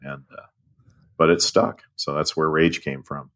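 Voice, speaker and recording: A man talking as a podcast guest in casual chat, halting with many "uh" pauses. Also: a bass voice, fairly bright tone.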